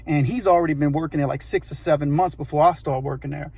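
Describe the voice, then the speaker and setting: A man's voice: a little high, fairly even intonation, fast talker, creaky, darkish tone, husky. A man, hosting his channel and telling a story emphatically, talking straight to the viewer. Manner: emphatic, addresses the viewer directly. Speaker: channel host. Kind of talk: storytelling narration.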